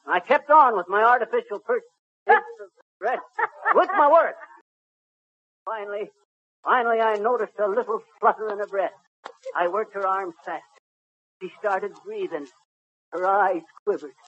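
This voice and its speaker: Boastful tall-tale spinner, high and folksy, 1930s radio comedy. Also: male voice, unhurried, pauses often, bright, forceful tone. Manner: blustering, folksy, rambling storyteller with ungrammatical speech. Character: boastful middle-aged male braggart spinning tall tales. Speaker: comic lead telling a tall tale. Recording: muffled 1930s radio recording with faint hiss.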